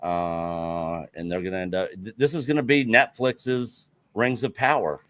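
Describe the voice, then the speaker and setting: Blunt man with a very deep voice. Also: steady tone, unhurried, a bit bright, no room sound. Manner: blunt, dismissive opinions. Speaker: co-host. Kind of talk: casual livestream chat.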